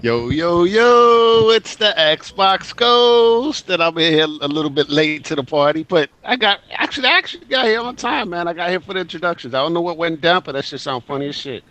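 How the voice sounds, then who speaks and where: A man co-hosting a casual gaming podcast with a high voice. He sounds hyped and casual. His mic sounds muffled and lo-fi. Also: animated, normal speed, hardly any pauses, fairly bright tone. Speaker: podcast co-host.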